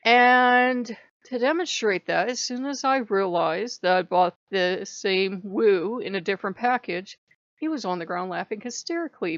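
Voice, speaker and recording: A woman's voice: medium pitch, dry recording. A woman who is sick, talking in a frank and rambling way in a casual vlog monologue. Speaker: channel host. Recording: dry, slightly dull recording.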